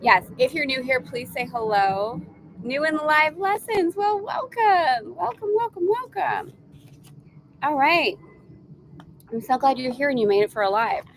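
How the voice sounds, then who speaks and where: Travelling in Greece, a spiritual course teacher leads a live online lesson from indoors, chatting casually with viewers between readings. Her high, expressive voice moves at a moderate pace, full of warm, chatty asides and bursts of laughter. The audio is poor, with a little hiss or hum.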